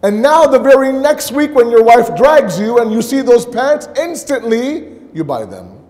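Preaching a sermon at a mosque, a man tells a story, acts out its dialogue, and puts rhetorical questions to the congregation. His very high voice has a sing-song, slightly mellow quality and a measured pace, with long reverb from the hall.

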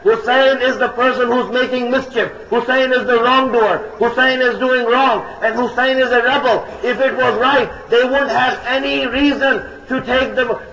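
High, bright male preacher; emphatic, repetitive sermon delivery in an echoing hall. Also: steady tone, moderate pace, vocal fry, few pauses. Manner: emphatic, repeats key phrases; addresses listeners as brothers and sisters. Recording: echoey hall, dull lo-fi sound.

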